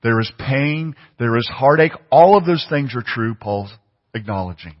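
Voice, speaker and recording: A man's voice: medium pitch, animated, normal speed. A man preaching a sermon, emphatic and fond of repeating phrases for stress. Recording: muffled audio with long hall reverb.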